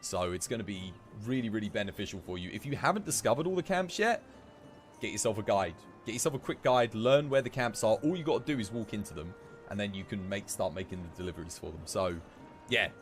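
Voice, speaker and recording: A man's voice: lowish voice, animated, fast, soft background music. A young man streaming a game, chatting casually with viewers, joking and swearing now and then. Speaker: gaming streamer. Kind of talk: casual livestream chat while playing.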